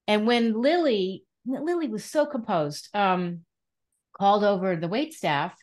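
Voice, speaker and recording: A woman hosting an interview, telling stories in an animated, supportive way. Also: mid-range voice, measured pace. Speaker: host. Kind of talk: conversational interview.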